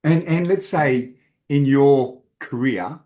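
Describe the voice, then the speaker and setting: A man's voice: mid-range voice, slow pace, dark tone. A man hosting a podcast, asking friendly questions and laughing along with his guest. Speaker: podcast host. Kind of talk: interview questions.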